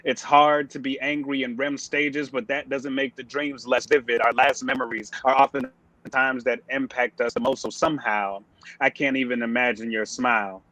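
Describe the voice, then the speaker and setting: A man's voice: medium pitch, steady tone, normal speed, bright, forceful tone, no room sound, low-quality recording. Man reciting spoken word poetry. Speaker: open mic poet. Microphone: video call.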